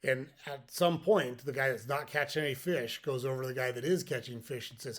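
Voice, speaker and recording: Talking a little fast and hardly pausing, a middle-aged man with a mid-range voice hosts a podcast. His motivational talk is folksy and reflective, explained step by step with jokes as examples.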